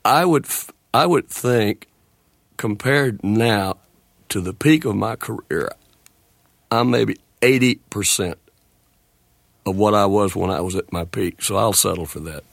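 A man in his sixties with a gravelly voice and a speech disorder, talking slowly and haltingly as a guest in a radio interview. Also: on the low side, no echo, studio quality. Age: 60s. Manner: halting, with restarts and slow deliberate phrasing. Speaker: guest, country singer.

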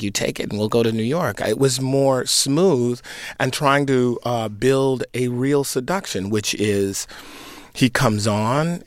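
Man, fifties, low pitch, interview answers, reflective, lots of fillers, dry close recording. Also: no room sound. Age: 50s. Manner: reflective, conversational, many fillers and restarts. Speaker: actor and singer in an opera production.

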